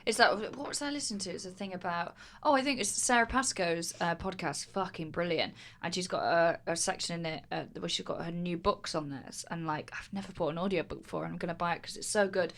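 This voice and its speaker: A woman comedian co-hosts in a relaxed, chatty way, swearing freely and scattering fillers through her talk. Her voice sits a little low for a woman. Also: fast talker, hardly any pauses. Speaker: comedian and podcast co-host. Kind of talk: casual chat.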